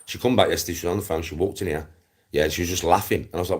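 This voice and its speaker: With a deep, husky voice and lively intonation, the Black Country YouTuber from Smethwick speaks fast as he rants to his viewers. He's blunt and sweary, repeats himself, and keeps breaking into laughter.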